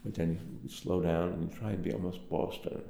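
A man's voice: low voice, steady tone, brisk, creaky, dark tone, roomy sound, slight background noise. An older man from Brooklyn with a Brooklyn accent, telling rambling stories in an oral history interview with lots of fillers. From Brooklyn, New York. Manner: rambling, anecdotal, many fillers.

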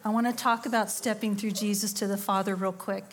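With a medium-pitched voice, fairly even intonation, and a brisk pace, a middle-aged woman gives a sermon in a church or conference hall. As a conference speaker, she tells a story using quoted voices and laughing asides.

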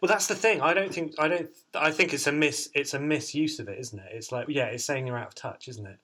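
Bright-voiced man hosting chat. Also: fairly high pitch, a little fast. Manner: chatty, laughs often, jokey. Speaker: podcast host and songwriter. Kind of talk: casual chat.

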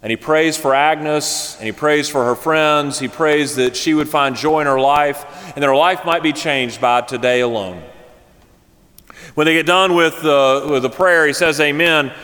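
A man preaching a sermon, telling a story in a lively, conversational way before turning to his congregation. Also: fairly high pitch, unhurried. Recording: reverberant church hall.

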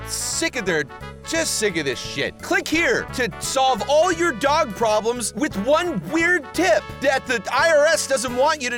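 A performer putting on an overexcited spam ad announcer, pitching hard in a high, bouncy voice. Faint music plays behind. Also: fairly bright tone. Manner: hyped sales pitch.

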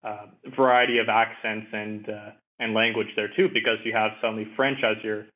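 Over a tinny, phone-like connection, this Ottawa man chats casually as a podcast interview guest from the energy field. His pitch sits fairly low, with a level, brisk delivery full of fillers and repeated words that come out easily.

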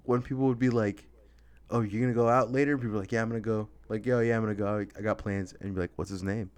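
A man hosting a podcast in casual chat, laughing often and acting out friends in quick voices. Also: on the low side, fairly even intonation, a little mellow, clear, resonant tone. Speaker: podcast host.

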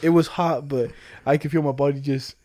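A man's voice: on the high side, fairly even intonation, moderate pace, mellow. A young man chatting casually with a friend, telling stories in heavy slang and laughing often. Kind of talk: casual chat between friends.

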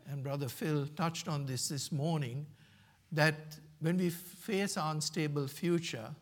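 A man delivers a church sermon at an unhurried, deliberate pace, his voice sitting a little higher than most. He is earnest and emphatic, reading scripture aloud as he preaches. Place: church sanctuary.

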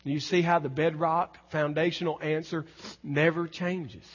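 A man preaches in a high, slightly husky voice, leaning hard on his points and then dropping low and quiet. The sound is dull and lo-fi with a long hall reverb behind it. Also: little pitch movement, measured pace. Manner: emphatic preaching, swinging from loud exclamations to soft low lines. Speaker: pastor. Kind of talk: sermon.

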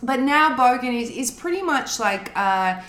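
A woman's voice: a little high, lively intonation, a little slow, fairly bright tone. Australian woman, roomy casual chat. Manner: chatty, swears freely, explains slang. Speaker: podcast co-host. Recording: roomy echo.

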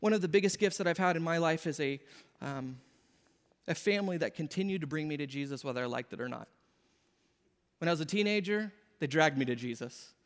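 High-voiced man preaching in a reverberant church. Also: lively intonation, a little fast. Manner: earnest, conversational preaching with quoted asides. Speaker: pastor. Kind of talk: sermon. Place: church sanctuary.

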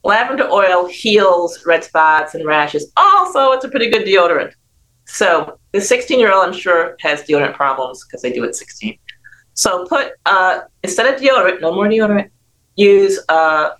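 A woman's voice: fairly low pitch, a bit bright, rough recording. An older woman doctor giving blunt, emphatic health advice on a talk show, repeating words for emphasis. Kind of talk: casual radio talk advice.

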